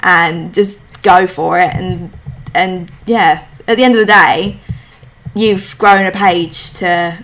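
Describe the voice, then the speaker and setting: A woman's voice: on the low side, fairly even intonation, takes it slowly, a bit bright. A woman with a slight lisp, hosting a casual podcast chat from home and talking in an emphatic, chatty way. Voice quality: lispy. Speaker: podcast host.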